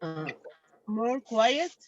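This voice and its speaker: Hesitant student, super slow, dull dry call audio. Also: mid-range voice, sing-song. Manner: hesitant, answers slowly. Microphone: video call.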